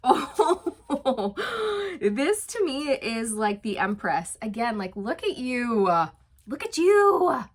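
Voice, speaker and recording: A woman giving a casual tarot reading. She is chatty and encouraging, uses many fillers, laughs lightly, and slows down for emphatic reassurances. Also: a little high, animated. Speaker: tarot reader.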